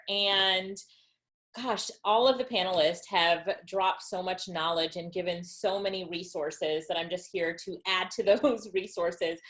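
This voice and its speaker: A woman's voice: fairly low pitch, a bit bright. A woman giving an upbeat, enthusiastic webinar talk as an online business trainer. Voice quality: upbeat and enthusiastic, laughs between points.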